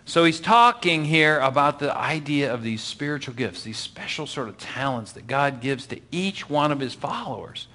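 A man's voice: a little high, lively intonation, normal speed, hardly any pauses, bright, forceful tone. A man teaching a Bible lesson, explaining patiently and checking in with his listeners, often dropping his voice for effect. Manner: explains patiently, asks the audience for agreement.

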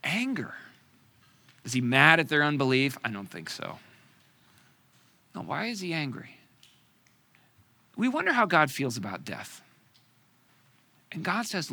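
Guy preaching a sermon, lively up and down delivery, goes loud then real hushed, lots of pauses. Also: on the high side, creaky. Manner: dramatic pauses and rhetorical questions; swings from loud emphasis to hushed near-whispers.

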